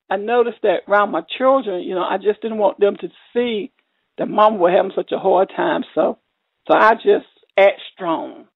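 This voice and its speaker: A woman's voice: medium pitch, husky, no echo. Woman preaching a testimony sermon over a tinny phone line. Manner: emotional, repeating herself, rising to cries.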